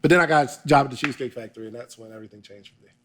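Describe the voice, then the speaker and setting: A young man telling a story in a casual interview, animated and laughing often as he acts out what people said. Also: medium pitch, racing. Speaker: podcaster guest.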